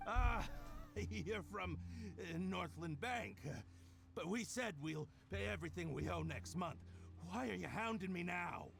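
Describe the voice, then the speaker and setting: A man's voice: high voice, expressive, measured pace, creaky, a bit bright, slight background noise, full character voice. An actor playing a pushy, blustering male debt collector in a video game. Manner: demanding, blustering. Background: game music.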